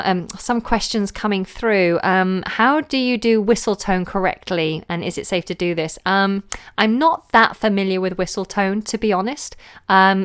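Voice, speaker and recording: A woman, a singing teacher answering viewer questions in a relaxed, chatty way on a live stream. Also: mid-range voice, clear, resonant tone. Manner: relaxed, chatty, demonstrates sounds with her voice.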